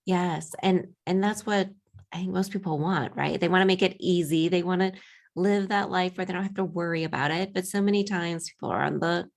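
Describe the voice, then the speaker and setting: A woman's voice: fairly low pitch, steady tone, a little fast, creaky. A woman host affirming her guest and reflecting back on the points made in a conversational interview.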